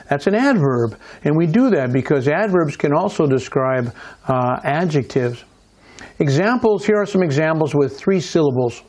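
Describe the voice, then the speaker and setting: A man's voice: a little high, animated, a little mellow. A man with an American accent teaching an English grammar lesson, explaining step by step and often checking in with "right?". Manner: slow, deliberate explaining with frequent "right?" checks.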